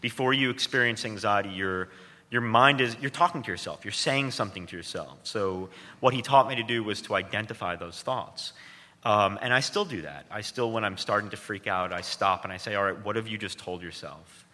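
A man's voice: on the low side, a little fast, bright, forceful tone. Wry, self-mocking man in a reverberant space. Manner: self-deprecating, joking, with restarts. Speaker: author and guest. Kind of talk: interview conversation. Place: stage before an audience.

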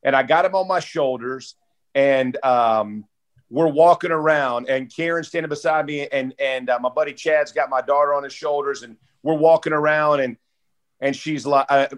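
A man's voice: mid-range voice, normal speed. Former football guy, 40s, easygoing, says bro a lot, kinda emotional. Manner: laid-back, peppers talk with "bro" and "dude"; heartfelt, close to tears. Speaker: guest, former football player. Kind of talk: casual podcast storytelling.

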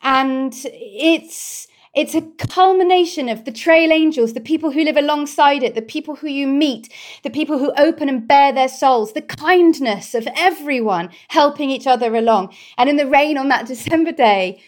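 A British woman with a voice that sits somewhat high speaks as an interview guest. She tells her story expressively and with open feeling, in an easy conversational way. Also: normal speed. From Britain.

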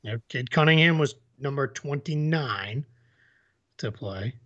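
A man's voice: medium pitch, animated, a little slow, fairly bright tone, lo-fi sound. A man co-hosting a sports podcast, chatting casually with lots of fillers. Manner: chatty, many fillers, laughs easily. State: hiccups. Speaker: podcast co-host.

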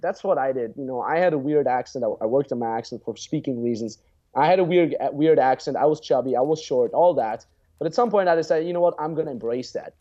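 In a casual podcast chat, a guest dating coach in his twenties talks bluntly and profanely, acting out example lines. His voice sits on the high side with a warm tone, though the recording sounds muffled.

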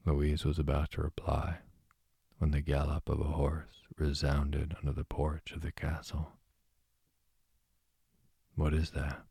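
A man reads a classic novel as a bedtime story, in a very low voice that barely rises or falls. He takes it slowly, and his tone is dark and husky. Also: no room sound, studio quality. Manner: slow, soft, even reading. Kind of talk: calm bedtime story reading.

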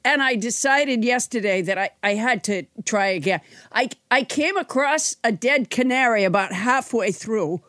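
A woman's voice: a little high, lively intonation, moderate pace, few pauses, fairly bright tone, no echo, clean studio sound. A woman comedian hosting a podcast from home, stuffy with allergies, rambling and interrupting herself as she tells stories. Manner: rambling, self-interrupting storytelling.

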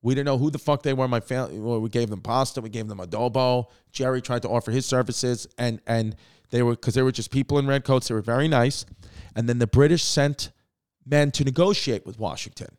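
A man's voice: mid-range voice, a little fast, clear, resonant tone, no room sound, clean studio sound. Profane New York man riffing on history. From Staten Island, New York. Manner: profane, rambling, animated riffing with asides. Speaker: comedian host telling history. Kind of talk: comedic history storytelling.

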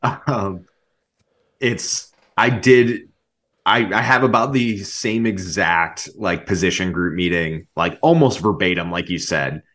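A man's voice: deep voice, slow. A man who coaches football, chatting casually and easily on a podcast, with "like" all through his speech. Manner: relaxed, heavy use of "like".

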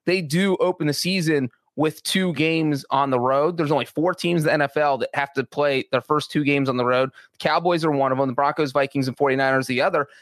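Podcast regular, man, chatty and analytical, raised pitch, dry mic. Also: brisk, few pauses, dry recording. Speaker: football writer and podcast regular. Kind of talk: casual podcast sports talk.

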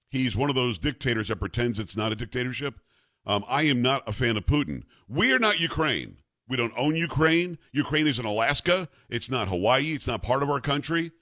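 A man's voice: mid-range voice, fairly bright tone, no echo, studio quality. A man hosting a radio talk show, opinionated and teasing in a sarcastic way.

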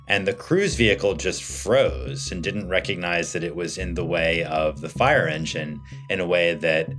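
Male guest expert, very low voice, casual explainer who thinks aloud, faint music bed. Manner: thinking aloud with fillers and restarts, animated when retelling. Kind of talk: conversational interview answers.

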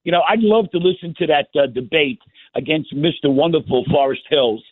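A man's voice: fairly high pitch, animated, a little fast, dry recording. A man calling in to a radio show, chatty and rambling, with plenty of fillers. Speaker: caller. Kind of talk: call-in radio chat. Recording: tinny phone line.

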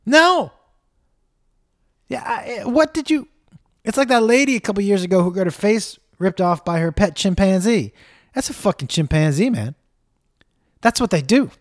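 A middle-aged man hosting a casual comedy podcast, telling stories in an animated way, acting out the people he quotes, swearing often. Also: sits high, moderate pace, pauses often. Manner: animated storytelling, acts out quotes, swears, talks to his dog.

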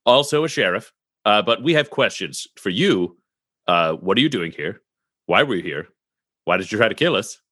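A man role-playing his character at a tabletop game, formal and deliberate as he lists titles. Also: fairly low pitch, animated, fairly bright tone, no room sound, studio quality. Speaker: player.

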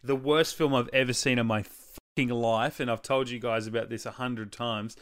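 A man's voice: medium pitch, fairly even intonation, moderate pace. A man with an Australian accent, co-hosting a casual podcast chat, rambling and swearing freely. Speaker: podcast co-host.

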